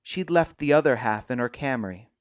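A man narrating an audiobook in an expressive way, often dropping to a hush in tense passages, on a dull, dry recording. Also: medium pitch, normal speed, clean tone, dry recording.

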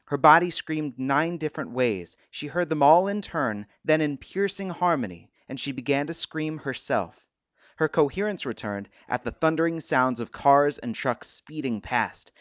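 A man reading a story aloud in measured, grave scripted narration. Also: mid-range voice, dry recording. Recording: dry, dull lo-fi recording.

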